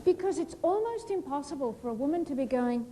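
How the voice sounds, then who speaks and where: A high, lively woman works a big hall from a stage mic, her pitch bouncing all over as she plays out little scenes. There is a faint hum of room ambience behind her. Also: brisk. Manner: lively, animated, playful storytelling with acted-out asides. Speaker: motivational speaker. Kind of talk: humorous keynote talk on stage. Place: large hall before a live audience.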